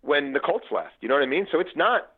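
A husky, fairly high-pitched man in his forties from around Baltimore rattles off sports memories fast as a podcast guest. The casual chat comes through tinny phone audio, and his lively telling is packed with fillers and false starts.

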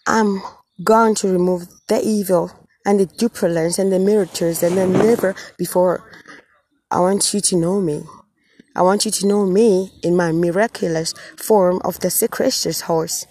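A woman's voice: lowish voice, darkish tone, husky. A woman speaking as a tender, solemn God. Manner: repetitive, halting, earnest. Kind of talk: channelled message, spoken as God.

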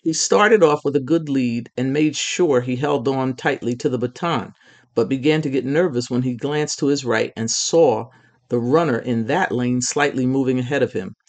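Male storyteller, mid-pitched, steady reading of a kids' chapter book. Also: normal speed. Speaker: narrator.

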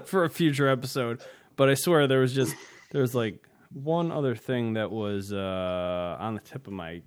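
A man's voice: fairly low pitch, clean tone. A man co-hosting a casual tech podcast, talking in a loose, rambling way with frequent hesitations and chuckles. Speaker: podcast co-host.

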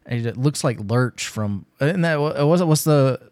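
A man's voice: medium pitch, lively intonation, normal speed, no echo. Profane, storytelling man, dry close sound. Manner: profane storyteller, loud and laughing at the climax. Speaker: podcast co-host. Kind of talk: casual podcast chat.

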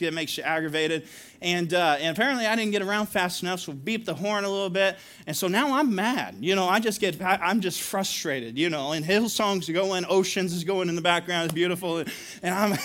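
A man's voice: high voice, fairly bright tone. A male pastor preaching a sermon, telling stories with laughs and asides to the congregation.

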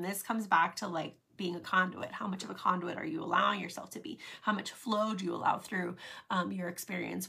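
Woman, live-stream talk host; husky, gravelly voice, relaxed and chatty with filler words. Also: lowish voice. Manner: chatty, many "like" fillers, acts out quoted voices.

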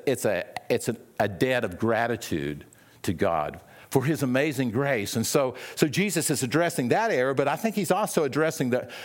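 A male pastor preaching a sermon in a conversational way, often repeating words and acting out quoted voices. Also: medium pitch.

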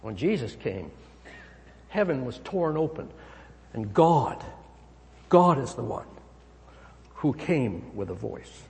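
A man preaching a sermon as pastor, emphatic, swinging his pitch and volume. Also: very animated, slow pace, creaky, long pauses, darkish tone. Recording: long hall reverb.

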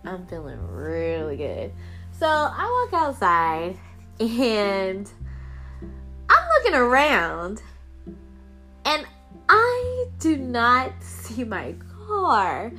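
A woman telling a rambling, animated story to her viewers, full of restarts and fillers. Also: sits high, takes it slowly, soft background music.

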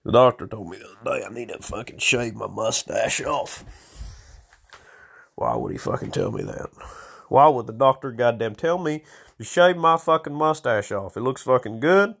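Rough-voiced man, slightly hoarse, profane rambling monologue recorded on a phone at home. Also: mid-range voice, a bit bright. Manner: profane, rambling stream of consciousness. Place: small room at home.

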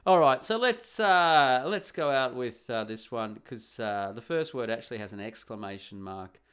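A man's voice: medium pitch, animated, normal speed, fairly bright tone, smooth. A man hosting a podcast in a casual, rambling way, muttering and humming to himself as he searches through comments. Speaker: podcast host.

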